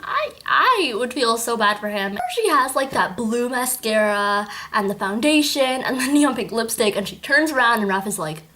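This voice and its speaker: A woman chatting casually in a book review vlog, gushing and animated as she recaps the story. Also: fairly high pitch, normal speed, few pauses. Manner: animated, gushing, with acted-out quotes.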